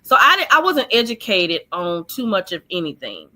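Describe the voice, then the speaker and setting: A woman guest recounting her childhood in an earnest, halting way, full of fillers, over a video call. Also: medium pitch, big pitch swings, pushed and bright. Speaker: guest sharing her life story. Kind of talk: personal testimony in an interview.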